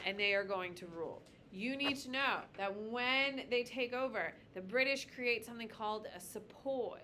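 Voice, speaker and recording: A woman teaching a high school history class, lecturing bluntly and with jokes while calling on students by name. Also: pushed and bright, a little hiss or hum.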